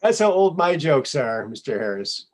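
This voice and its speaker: Casting: a man of middle pitch, a laid-back show host with corny old jokes. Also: moderate pace. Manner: relaxed, trades old one-liners, greets the chat. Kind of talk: casual chat.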